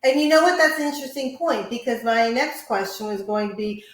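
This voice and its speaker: A woman's voice: on the high side, fairly even intonation, a little fast. Woman interviewer in an echoey room. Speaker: podcast host. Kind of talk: casual interview. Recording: roomy echo.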